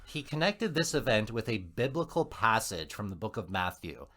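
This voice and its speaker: A man's voice: fairly low pitch, big pitch swings, moderate pace, a bit bright. A male podcast host telling a story in a casual, joking way.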